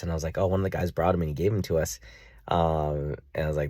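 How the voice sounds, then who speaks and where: A man telling a long personal story in a casual vlog, rambling with many fillers and jumping into a high, excited voice when he acts out his own reactions. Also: fast, no room sound, studio quality. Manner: jumps to a high excited pitch when reenacting himself. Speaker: vlogger.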